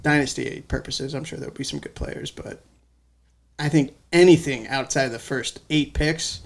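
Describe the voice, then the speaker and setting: A young man talking casually and jokingly about sports as a podcast guest, loose and quick to laugh. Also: medium pitch. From United States. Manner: loose, jokey, laughs easily.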